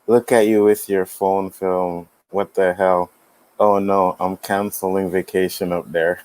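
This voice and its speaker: A man hosting a casual podcast, telling stories in an animated way, swearing freely and acting out the people he quotes. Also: low-pitched, measured pace, low-quality recording. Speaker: podcast host. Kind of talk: casual storytelling chat.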